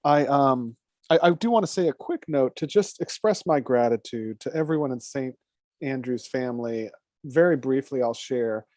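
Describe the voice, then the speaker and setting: Man, Zen priest, soothing meditation guidance, dark mellow voice, dry close sound. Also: mid-range voice, no echo. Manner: slow, calm, soothing guidance. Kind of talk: guided meditation benediction.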